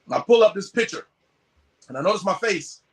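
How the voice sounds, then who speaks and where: Animated, high-pitched man telling stories. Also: fairly quick, slight background noise. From US West Coast. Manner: animated, swearing, acts out quoted voices. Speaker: podcast guest. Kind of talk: casual storytelling.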